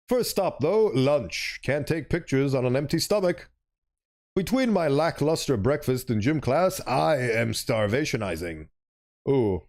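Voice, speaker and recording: Playful streamer man, lively pitch. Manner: playful, chatty, self-interrupting. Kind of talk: let's play with reading aloud.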